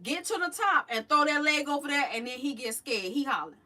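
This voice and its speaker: A middle-aged woman, chatting and telling stories to her live chat, animated and drawling. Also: high-pitched, brisk. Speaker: livestream host. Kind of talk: casual storytelling to a live chat. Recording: voice a little distant from the mic.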